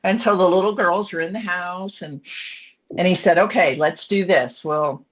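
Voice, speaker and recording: A woman's voice: on the low side, moderate pace. A woman in her sixties, an author and coach, earnestly telling her own family story as a podcast guest in short reflective phrases. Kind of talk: candid personal storytelling. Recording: dull lo-fi podcast audio.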